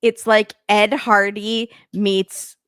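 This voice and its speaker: A woman guest in a casual reality TV chat, snarky and quick to laugh. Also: medium pitch, smooth, dry recording, clean studio sound. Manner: lively, snarky, laughs often. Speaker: guest co-host.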